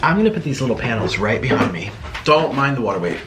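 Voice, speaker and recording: A man hosting an eating video at home, chatting casually and rambling between bites. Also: quick pace. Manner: chatty, rambling, animated swings in pitch. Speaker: mukbang host. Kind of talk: casual chat while eating. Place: room at home. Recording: echoey room with faint background noise.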